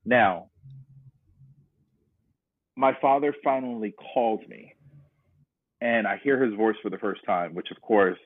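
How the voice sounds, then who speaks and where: A man from North Carolina speaks in a husky, slightly low voice, earnest and reflective as he tells his story in conversation. The sound is dry and close, with a thin line that sounds like a phone. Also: slow pace, long pauses, no echo, phone-quality sound. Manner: earnest, reflective, retells scenes. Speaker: podcast guest.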